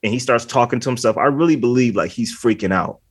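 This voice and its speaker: This man has a mid-range, slightly breathy voice and speaks quickly. Co-hosting a laid-back podcast, he wanders from point to point, leans on "like" as filler, and keeps breaking into laughter.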